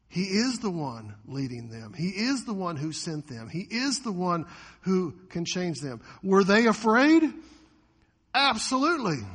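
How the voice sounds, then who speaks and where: A man preaching a sermon as a pastor, animated, often acting out the voices of the people in the story. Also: high-pitched, husky, big-room sound.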